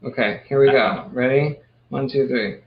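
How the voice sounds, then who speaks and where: A man hosting an online cabaret trivia game over a video call, upbeat and quick to apologize. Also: medium pitch. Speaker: host. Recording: dull lo-fi video call audio.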